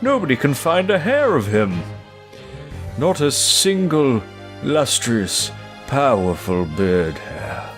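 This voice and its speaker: A man voicing a pompous middle-aged male judge with a put-on Canadian accent. He speaks slowly and drawn out, tags "eh" onto his lines, and rambles about beards. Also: medium pitch, very animated, soft background music, voice pushed up. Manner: slow, drawn-out, ends lines with "eh".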